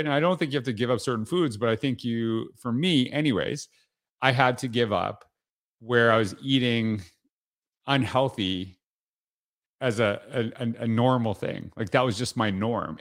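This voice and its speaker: A man's voice: mid-range voice, no echo, clean studio sound. A man hosting a podcast, talking in a casual reflective monologue that rambles with many fillers and restarts. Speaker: podcast host.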